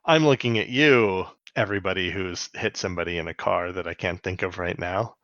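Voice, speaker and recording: A man's voice: deep voice, brisk, fairly bright tone, dry recording, muffled recording. A man co-hosting a podcast in casual chat, joking, swearing freely and acting out quotes. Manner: laughs often, swears freely, acts out quotes. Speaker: podcast co-host. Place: home, on the US West Coast.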